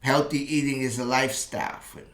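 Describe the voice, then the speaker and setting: A man in his fifties hosting a relationship advice channel, telling a personal story in an animated way that turns slower and more reflective. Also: medium pitch. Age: 50s. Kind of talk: personal storytelling monologue to camera. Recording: roomy echo.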